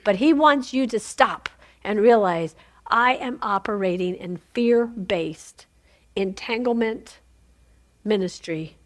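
A woman's voice: medium pitch, takes it slowly. A woman teaching a women's Bible study in an informal sermon, chatty, laughing often and asking "Amen?" of her listeners.

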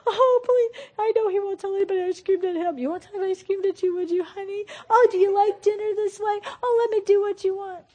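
A woman's voice: steady tone, quick pace, hardly any pauses, warm tone, highs cut off. A woman acting out a meek, apologetic wife who sobs and begs forgiveness. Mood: pleading. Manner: sobbing, begging, high-strung.

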